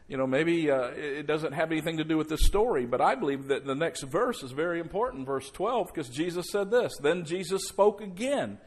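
Soft-and-loud preaching male pastor. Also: a little high, animated. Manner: slows down and drops soft for emphasis, then rises loud. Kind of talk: sermon. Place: church service before a congregation.

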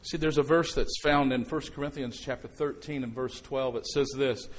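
A middle-aged male pastor preaching a conversational sermon, swinging between quiet reflection and sudden loud outbursts. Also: medium pitch, fairly even intonation, moderate pace, hardly any pauses.

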